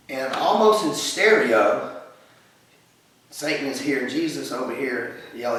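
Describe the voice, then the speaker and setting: A man's voice: mid-range voice, animated, slow, pauses often, a bit bright. A man teaching a Bible lesson as a vivid story, with fillers and acted-out quotes. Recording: echoey room, voice from a distance.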